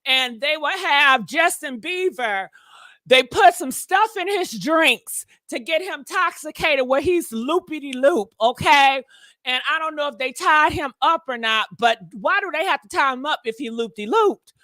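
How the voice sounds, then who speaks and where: A woman hosting a gossip channel, talking loud and sassy with plenty of profanity, calling her viewers girl and honey. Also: high voice, lively intonation, a little slow, dry recording, studio quality. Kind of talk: casual gossip commentary.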